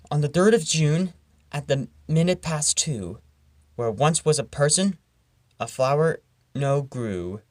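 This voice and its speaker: Host reading comic poems, slow and dry-sounding, playful swings between loud and hushed. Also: medium pitch, no room sound. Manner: animated, playful reading with sudden loud and whispered turns.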